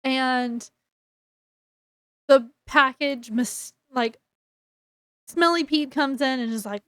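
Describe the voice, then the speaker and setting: Woman book reviewer, high, unhurried voice, chatty recap, dry close sound. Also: a bit bright, clean tone, dry recording. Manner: chatty, retells scenes with quoted dialogue.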